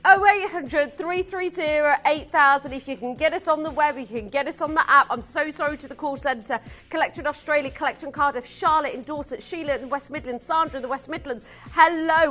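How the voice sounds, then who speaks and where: A female shopping-channel presenter pitches live, bubbling over with enthusiasm and reeling off the names of people who are buying.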